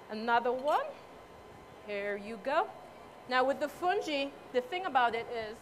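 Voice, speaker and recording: A woman's voice: high voice, fairly bright tone, slight background noise. A woman doing a live cooking demonstration at a competition, chatting to the audience and judges in a motherly, playful way as she cooks. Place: cooking competition event space.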